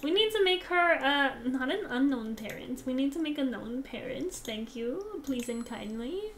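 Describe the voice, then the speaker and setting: A young woman casually commenting on a game she plays, gushing and excitable, dropping now and then into soft whispers. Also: sits high, normal speed, few pauses, a little hiss or hum. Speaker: gaming channel host.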